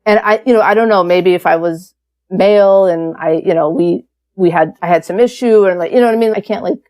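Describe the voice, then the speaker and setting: A woman's voice: on the low side, a little fast. Chatty woman telling her story. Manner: chatty, many fillers, animated and candid. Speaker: podcast guest. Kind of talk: casual conversational storytelling.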